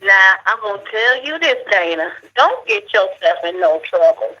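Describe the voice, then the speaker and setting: A woman's voice: mid-range voice, very animated, normal speed, sharp tone. A woman calling in on a phone line, cautioning the host in casual, friendly chat. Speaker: caller.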